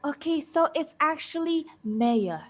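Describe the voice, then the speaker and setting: A woman's voice: fairly high pitch, animated, a bit bright, a little hiss or hum. A woman teaching an online English pronunciation class, patient and encouraging. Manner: slow, patient, encouraging, laughs often.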